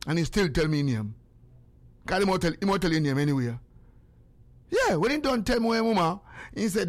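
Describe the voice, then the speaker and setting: Speaking at a moderate pace in a high voice, an older Jamaican-accented man spins casual stories. He animatedly performs the conversations he quotes and now and then shifts into prayer.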